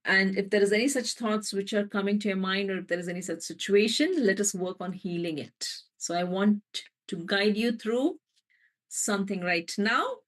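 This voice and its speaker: Woman healer leading a live meditation, gentle slow affirmations, middle pitch. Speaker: energy healer. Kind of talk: guided healing meditation. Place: live online session.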